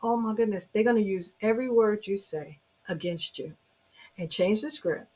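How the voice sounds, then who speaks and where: With a mid-range, darkish voice at a moderate pace, a woman earnestly counsels her viewers on relationships. Her delivery is emphatic, and "you know" and "oh my goodness" come up often.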